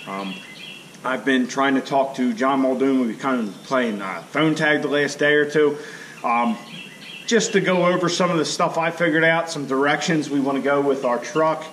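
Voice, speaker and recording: Young guy vlogging, rambly and laid back, lots of ums, bit of faint noise behind. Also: mid-range voice. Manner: relaxed, rambling, with frequent "um" and "you know". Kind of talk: casual vlog recap.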